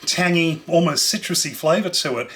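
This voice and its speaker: A man's voice: fairly high pitch, normal speed, fairly bright tone. Chatty man hosting a cooking show. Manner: chatty, enthusiastic tasting descriptions. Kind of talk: casual food demonstration.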